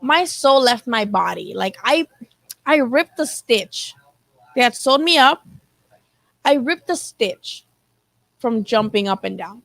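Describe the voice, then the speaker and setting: A woman's voice: fairly high pitch, animated, takes it slowly, vocal fry, long pauses, fairly bright tone, dry recording, low-quality recording. A woman hosting a live boxing chat, talking casually and animatedly, swearing freely and acting out what people said. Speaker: boxing channel host.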